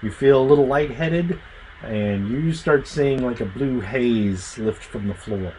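A man running a tabletop game as game master, narrating with animated storytelling and sound effects. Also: mid-range voice, measured pace, slight background noise, low-quality recording.

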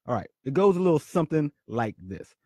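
A man hosting a podcast, his pitch swinging widely as he tells a story. His voice sits a little high for a man and sounds close and dry, with no room echo. He talks in a punchy way and repeats words for emphasis. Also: very animated, fairly quick, mellow. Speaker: podcast host. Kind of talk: storytelling monologue.

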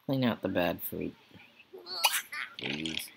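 A man's voice: deep voice, lively intonation, slow pace, vocal fry, background noise. A man giving casual gameplay commentary, mumbling to himself and talking to the characters on screen. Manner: mumbling, talks to the game characters. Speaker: Let's Play gamer.

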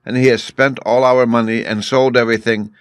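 A man's voice: medium pitch, little pitch movement, a little fast, smooth, voice pushed up, close to an everyday voice. The jester's anxious young wife, voiced by a man in a storybook. She sounds eager, and the recording is dry with no room echo. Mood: mock grief.

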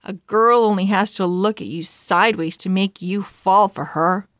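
A woman's voice: medium pitch, moderate pace, fairly bright tone, dry recording, studio quality, close to an everyday voice. A woman reading as a sarcastic young swordsman. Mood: mocking. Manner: sarcastic, teasing. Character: brash mocking young male swordsman.

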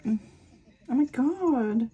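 A woman's voice: high-pitched, animated, takes it slowly, dark tone, husky, lo-fi sound. A woman hosting an anime reaction, gasping, exclaiming and swearing bluntly as she comments live.

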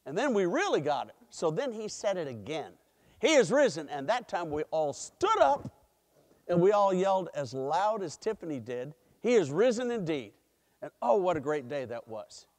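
A man's voice: fairly high pitch, sing-song, moderate pace. A middle-aged man telling a story to children in a church sanctuary, playful and coaxing. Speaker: church leader giving the children's message. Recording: long church hall reverb.

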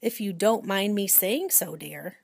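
A blunt, indignant husband in a children's storybook, as a woman reading aloud puts him on. He speaks up louder than the narration, in a dry, close sound. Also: mid-range voice, measured pace, creaky, breathy edge, no room sound. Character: older husband, a gruff retired man.

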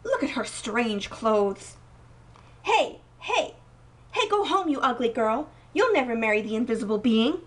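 A woman voicing a taunting village crowd in a storybook reading, loud and mocking. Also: fairly high pitch, very animated, a little slow, few pauses.

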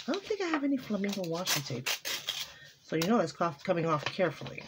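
A woman's voice: on the low side, sing-song, fast, background noise. A woman vlogging casually at home as she opens holiday cards and crafting mail, chatty and exclaiming over each one. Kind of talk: casual chat while opening mail.

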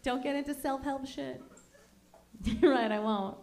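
A woman's voice: high-pitched, measured pace, darkish tone. A woman hosting a stand-up comedy show on a club stage, talking in a chatty, profane, self-deprecating way.

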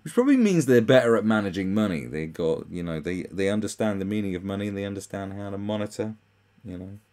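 Low-voiced british guy roasting memes, swings up and down a lot, sarcastic. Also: expressive, fast talker, mellow. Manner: mocking, swears, jumps into high mock voices. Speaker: commentary host. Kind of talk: sarcastic meme commentary.

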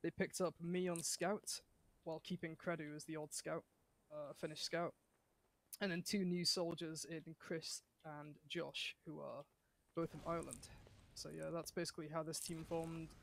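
A man who is a guest player chats on a live stream. His voice is a bit high for a man, and his manner is relaxed as he explains things with the odd filler. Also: normal speed, gravelly. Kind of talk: casual live-stream chat.

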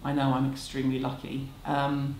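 A woman's voice: extremely low pitch, completely flat delivery, normal speed, darkish tone. A woman, answering viewer questions at home in a candid, chatty, self-deprecating way. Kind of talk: casual chat. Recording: echoey room, faint background hum.

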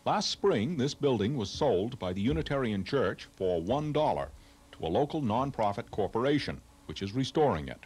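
A man's voice: mid-range voice, big pitch swings, moderate pace, darkish tone, breathy edge. A man with a New England accent hosting a travel show on location, talking with enthusiasm and lots of exclamations. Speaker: host. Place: outdoors on location.

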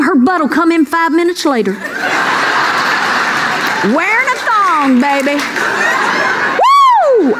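A woman's voice: very high-pitched, background noise. A woman stand-up comedian telling folksy, punchy stories on a stage before a live audience. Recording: live show with audience laughter.

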